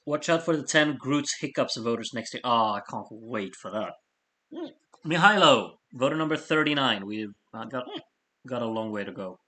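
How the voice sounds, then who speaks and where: A man hosting a live stream of fan votes, reading out scores in a chatty, apologetic way while he has the hiccups and keeps clearing his throat. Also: mid-range voice, lively intonation, normal speed, sharp tone. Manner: chatty, apologetic asides between score readouts. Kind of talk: casual live-stream commentary.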